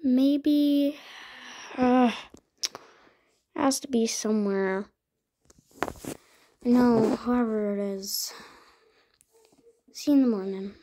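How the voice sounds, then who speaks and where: Woman doing all the horse voices in a toy mystery, slow and a bit high, whispers some lines. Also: mellow, slight background noise. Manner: switches between chatty, whispered and accusing character voices. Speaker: toy horse role-play creator.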